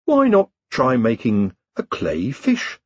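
A man's voice: mid-range voice, huge pitch swings, takes it slowly, no echo, full character voice. A man voicing a sly, wry wizard who coaxes and teases. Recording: dull lo-fi dry recording.

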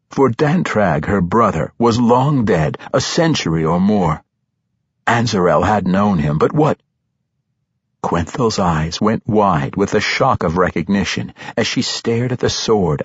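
A man narrating a fantasy audiobook in a steady, measured storytelling voice. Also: deep voice, slightly rough, dry recording, lo-fi sound.

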